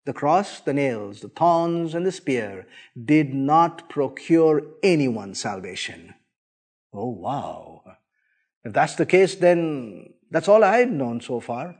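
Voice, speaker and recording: A man preacher giving a sermon, telling the story dramatically with big swings from soft to loud. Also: fairly high pitch, lively intonation, slow.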